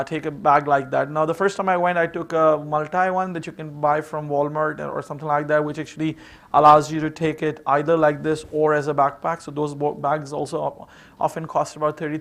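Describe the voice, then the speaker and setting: High-voiced man giving a chatty seminar talk. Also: a bit bright. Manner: conversational, full of "you know" fillers. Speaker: seminar speaker. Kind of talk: informal seminar talk with anecdotes.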